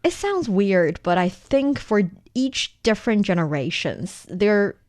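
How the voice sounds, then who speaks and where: A woman's voice: medium pitch, a little slow, no echo, studio quality. A woman with a Chinese accent, a native Chinese speaker, co-hosting a language-learning podcast and explaining words step by step in a chatty way. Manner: explains word by word, lively and chatty. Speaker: podcast co-host and Chinese teacher.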